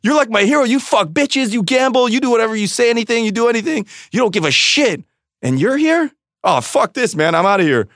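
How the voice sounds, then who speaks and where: A man voicing a brash, swearing young man who mocks his friend in a loud, excited tone. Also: a little fast, dry recording, studio quality, full character voice. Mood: mocking. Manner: loud, mocking, high-pitched and excited.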